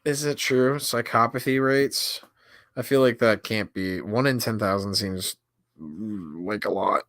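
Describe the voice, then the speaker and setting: A man's voice: lowish voice, a little slow, fairly bright tone, no echo, studio quality. A man hosting a casual reaction stream, crude and mocking, swearing heavily and reacting with disbelief.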